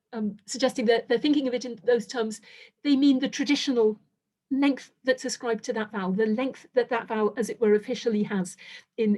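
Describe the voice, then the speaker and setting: A woman's voice: high-pitched, a little mellow. A middle-aged woman lecturing on linguistics, explaining step by step in a careful, methodical way, with frequent restarts and self-corrections. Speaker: university lecturer. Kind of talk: academic lecture.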